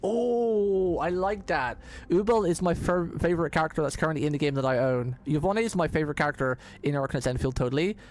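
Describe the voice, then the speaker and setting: Fast, rambling streamer man. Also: fairly high pitch. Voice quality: rambling, repeats himself, many restarts. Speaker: vtuber streamer. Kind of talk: casual live-stream commentary.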